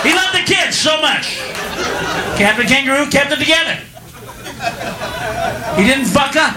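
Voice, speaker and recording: A man doing stand-up comedy, swearing constantly and shouting his punchlines. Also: very high voice, lively intonation, normal speed, pauses often. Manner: profane, shouting rants with mock voices. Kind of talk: stand-up routine. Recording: roomy club with loud crowd and noise. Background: audience laughter.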